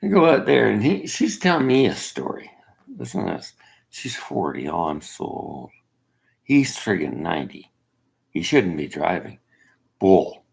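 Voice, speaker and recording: A man from Canada giving a rambling, opinionated monologue, swinging from loud outbursts to near-whispers. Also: deep voice, huge pitch swings, measured pace, gravelly, husky. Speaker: self-made video commentator. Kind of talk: casual monologue.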